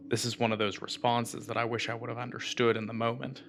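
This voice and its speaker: A man narrating a ghost-hunting episode in voice-over, recounting events in a flat, reflective way. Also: mid-range voice, quick pace, creaky, soft background music.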